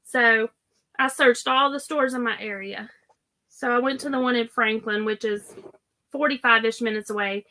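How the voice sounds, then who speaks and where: A woman's voice: on the high side, moderate pace, pushed and bright. A woman with a Southern US accent hosting a casual live-stream chat and reading viewer comments aloud. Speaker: host.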